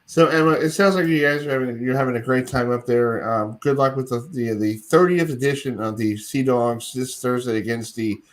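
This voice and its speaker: A man's voice: mid-range voice, fairly quick, few pauses. Chatty rambling radio host, man. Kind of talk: casual radio chat. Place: his home.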